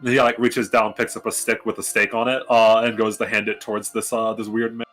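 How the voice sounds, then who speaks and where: A man's voice: on the low side, flat delivery, a little fast, a bit bright, faint music behind. Hesitant man playing a tabletop game. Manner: hesitant, many fillers. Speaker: player.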